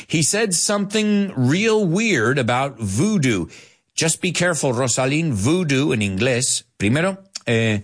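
Lively, animated male English teacher. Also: medium pitch, moderate pace, breathy edge. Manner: animated, laughing, switching between English and Spanish to explain. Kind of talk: live lesson reading viewer comments.

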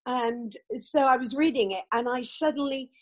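An older woman, telling animated stories of her acting work in an interview. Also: high-pitched, moderate pace. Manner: lively, animated storytelling with acted quotes. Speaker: actress. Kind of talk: interview chat.

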